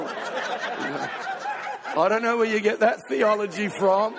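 Man preaching, playful storyteller, high gravelly voice, long hall reverb. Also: background noise. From Australia. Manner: storytelling, playful, quick asides. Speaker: pastor. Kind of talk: sermon with comic stories.

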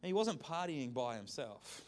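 Lively preacher. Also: male voice, mid-range voice, moderate pace. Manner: conversational, lively storytelling with jokes. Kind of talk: sermon.

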